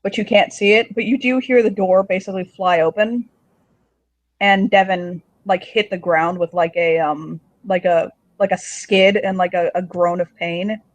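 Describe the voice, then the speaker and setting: A man's voice: high voice, fairly even intonation, normal speed, dry recording. A man narrating as game master in a tabletop game, rambling with many fillers and casual swearing. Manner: rambling, lots of likes and ums, casual swearing.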